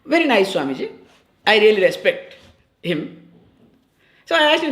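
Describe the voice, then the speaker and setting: A woman's voice: medium pitch, sing-song, normal speed, pauses often, roomy sound. A woman giving a spiritual discourse on scripture in a conversational way, often checking in with her listeners and repeating key phrases. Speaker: spiritual teacher.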